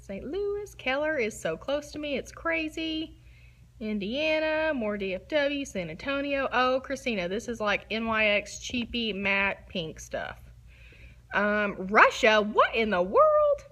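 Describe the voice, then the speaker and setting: A woman's voice: fairly high pitch, lively intonation, unhurried, fairly bright tone. A woman, a photographer hosting a casual livestream talk from her studio, bubbly, giggly and chatty. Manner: bubbly, giggly and chatty, self-described nervous.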